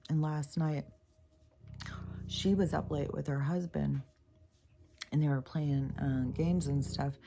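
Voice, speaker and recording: Low gravelly-voiced woman rambling casually. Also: takes it slowly, long pauses, fairly bright tone. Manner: rambling, swears often, mimics others in voices. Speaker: spiritual podcaster.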